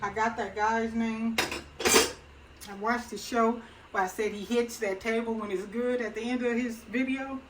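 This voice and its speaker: A woman's voice: on the high side, steady tone, moderate pace, very noisy. A middle-aged woman hosting her own cooking channel, talking through a casual demonstration at her kitchen stove in a chatty, folksy way, laughing easily. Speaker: home cook and channel host.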